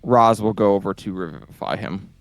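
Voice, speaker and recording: A man's voice: fairly low pitch, fairly quick, no echo, faint music behind. Male player, wry, dry close sound, tabletop game. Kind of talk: casual tabletop play.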